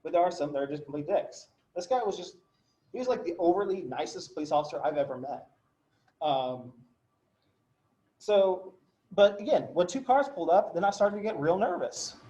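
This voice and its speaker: A man's voice: sits high, expressive, moderate pace, warm tone. A man giving a casual law lecture, telling stories full of fillers and mild swearing, and often checking in with his students. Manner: chatty, filler-heavy, swears, checks in with "right?". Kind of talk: casual classroom lecture with anecdotes. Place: classroom. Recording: echoey, dull lecture-room recording.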